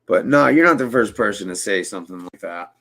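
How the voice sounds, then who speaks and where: Male host, creaky voice, rambling and cursing, casual stream talk. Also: lowish voice, animated, brisk, fairly bright tone. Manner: rambling, profane, restarts a lot. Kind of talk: casual livestream chat.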